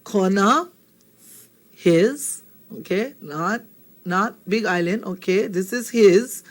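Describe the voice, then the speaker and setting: A woman gives a classroom language lesson. She speaks very slowly and patiently, repeating each phrase and checking in often. Her pitch sits in a middle range. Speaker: language teacher.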